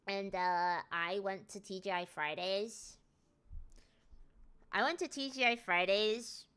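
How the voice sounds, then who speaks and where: A woman from northern England chatting casually on a live stream, excitable and rambling, with faint music behind. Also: medium pitch, slow pace, clear, resonant tone.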